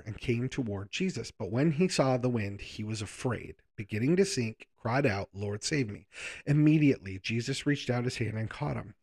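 Gravelly-voiced man preaching casually. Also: mid-range voice, darkish tone. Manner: conversational, explains scripture in plain words. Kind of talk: sermon.

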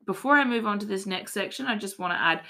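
Australian woman, podcast host, bright voice, mock-serious, playful. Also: medium pitch, expressive, quick pace. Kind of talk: casual podcast chat, deadpan tall tale.

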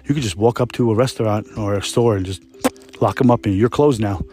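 A man's voice: lowish voice, fairly even intonation, quick pace, a little mellow, slight background noise. A young man hosting a podcast, telling work stories in a rambling, profane, laid-back way. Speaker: podcast host, restaurant cook. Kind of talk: casual solo storytelling.

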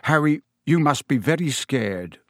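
A man's voice: animated, dry recording, studio quality. A man doing a tense, anxious wizard father. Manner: tense, low and hurried.

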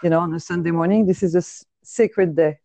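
A woman from France with a deep voice and a French accent, chatting casually as a podcast host and cracking deadpan jokes. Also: brisk, gravelly. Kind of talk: casual chat.

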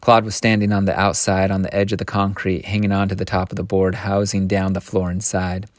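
A man reading a short story aloud in a steady way, with small slips and restarts. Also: low-pitched, brisk, dry recording, clean studio sound.

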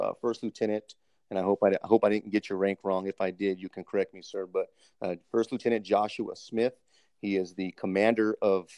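Deep gravelly guy hosting a chat, lots of ums, dry sound. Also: darkish tone, no echo. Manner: hesitant, many ums, polite and formal. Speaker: podcast host, army master sergeant. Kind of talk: casual interview hosting.

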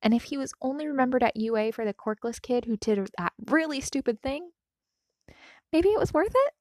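A woman reading a fanfiction story aloud, then gushing softly about it. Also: sits high, expressive, a little fast, no echo. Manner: gushing, soft-spoken commentary after reading. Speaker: fanfiction reader.

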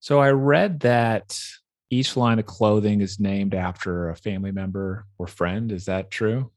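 A woman's voice: extremely low pitch, unhurried, darkish tone, no room sound, clean studio sound. A woman hosting an interview, asking curious questions and laughing along with her guest. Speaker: podcast host.

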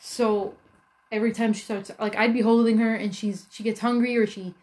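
A woman chatting casually, easygoing and quick to laugh. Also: on the high side, steady tone, darkish tone. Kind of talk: casual chat.

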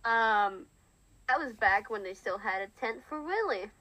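A woman's voice: fairly high pitch, rough recording. A young woman chatting and giggling during a party card game over an online voice call. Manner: giggly, quick flat refusals.

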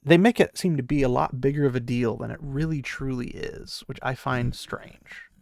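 Gravelly man ranting about a book. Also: mid-range voice, normal speed, a little mellow. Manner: exasperated, sarcastic, laughs often. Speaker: book reaction host. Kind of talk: casual retelling and commentary.

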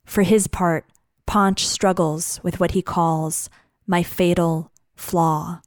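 A woman's voice: on the low side, fairly even intonation, slow pace, no room sound, clean studio sound. A woman in her thirties giving scripted narration in a wry, confiding way.

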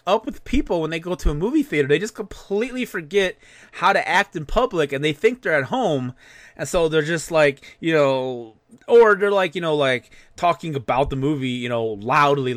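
Male co-host, fairly high voice, dry close sound, animated casual rant full of swearing. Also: normal speed, dry recording. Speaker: podcast co-host.

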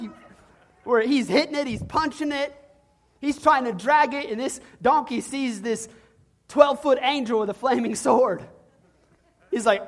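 A pastor preaches a sermon with animated, humorous storytelling, acting out little voices as he goes. His voice is mid-range and his pace moderate.

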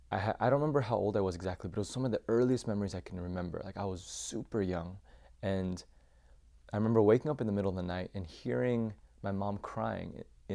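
Low gravelly-voiced man recounting his childhood. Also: warm tone. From United States. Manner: reflective, halting, many fillers. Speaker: podcast guest, former youth pastor. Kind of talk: personal storytelling.

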